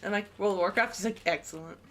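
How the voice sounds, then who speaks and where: A woman's voice: mid-range voice, fast talker, a bit bright, a little hiss or hum. A woman co-hosting a game stream, chatting casually and telling stories with frequent giggles. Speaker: gaming streamer co-host. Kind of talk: casual chat while playing a game.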